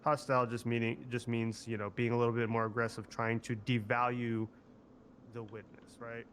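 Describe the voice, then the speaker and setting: A man's voice: medium pitch, little pitch movement, normal speed, a bit bright, a little hiss or hum. A man streaming a roleplay game who rambles, swears casually and piles up fillers while trying for an Italian accent. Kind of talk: casual in-character game chat.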